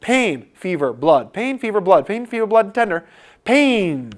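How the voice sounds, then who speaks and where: A man lecturing for a medical board exam review, animated and playing out imagined student replies. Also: high voice, unhurried.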